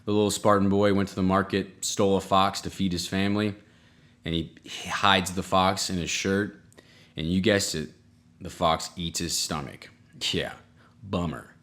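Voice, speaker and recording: A man hosting a comedy podcast, telling self-mocking stories in a rambling way, with sudden jumps in pitch. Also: steady tone, moderate pace, a bit bright. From United States. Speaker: podcast host. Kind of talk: comedic solo monologue.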